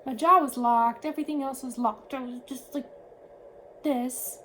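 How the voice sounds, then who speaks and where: A woman vlogging, casually telling a story to the camera in an animated way, shifting her tone as she retells events. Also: high voice, normal speed, a little hiss or hum, low-quality recording.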